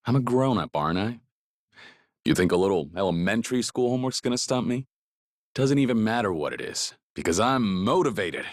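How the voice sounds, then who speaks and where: A man playing a gruff but kind middle-aged ex-yakuza from a video game, with a very deep voice that still moves expressively through its pitch. He talks plainly and steadily, recorded close and dry in a studio booth. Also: a little fast, no echo, lightly acted. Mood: encouraging. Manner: plainspoken, steady, low-key. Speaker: voice actor.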